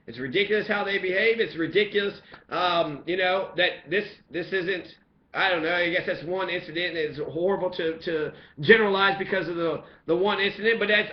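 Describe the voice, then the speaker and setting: This man's voice sits high as he rants about the police, angry, profane and repeating himself in an impassioned monologue as a local resident. The lo-fi recording is echoey and dull, with a little hiss or hum.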